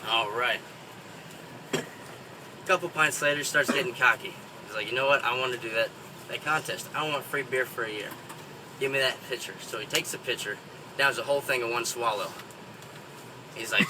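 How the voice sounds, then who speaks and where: A man's voice: mid-range voice, distant mic. Man telling bar jokes, noisy outdoors. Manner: folksy, chuckles at own jokes. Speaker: stand-up comedian. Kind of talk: stand-up joke telling.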